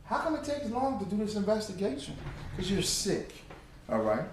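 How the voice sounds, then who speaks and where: A man's voice: high voice, moderate pace, a little hiss or hum. Fiery preaching man, very echoey. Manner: fiery, mocking, lively. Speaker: religious teacher. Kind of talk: impassioned preaching commentary. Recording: very echoey, far from the mic.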